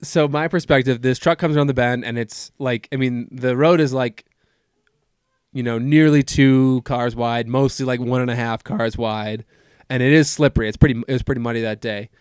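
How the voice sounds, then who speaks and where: A man's voice: mid-range voice, fairly even intonation, normal speed, darkish tone, smooth, no room sound, clean studio sound. Easygoing young man hosting a podcast. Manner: easygoing, laughs often, leads the talk. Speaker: podcast host. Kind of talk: casual chat.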